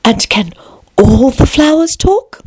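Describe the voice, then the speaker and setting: A woman's voice: extremely high pitch, expressive, brisk, noisy background, voice pushed up. A woman voicing a curious, polite little girl in a storybook reading, with a light, wondering, careful way of asking questions.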